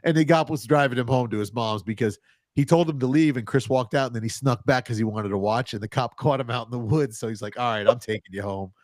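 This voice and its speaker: A man's voice: mid-range voice, fast, dry recording, studio quality. Man in his fifties telling a rambling story. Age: 50s. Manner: rambling, animated anecdote telling with chuckles. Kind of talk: casual storytelling.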